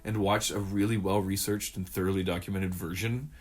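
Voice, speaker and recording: A man's voice: deep voice, steady tone, fairly quick. A man co-hosting a podcast, chatting casually in a rambling, profane, jokey way. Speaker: podcast co-host. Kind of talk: casual chat.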